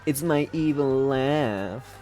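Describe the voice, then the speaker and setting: A man's voice: mid-range voice, slow pace, dark tone, soft background music, voice pushed up, close to an everyday voice. A man doing an impression of a clumsy trainee cartoon villain who speaks hesitantly and gives a feeble evil laugh. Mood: awkward.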